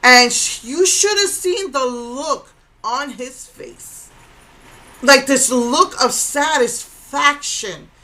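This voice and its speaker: Speaking slowly in a high, bright voice, this middle-aged woman vlogger forcefully recounts a run-in straight to camera. She sounds indignant, says things more than once, and mimics the others involved, all on a low-quality recording.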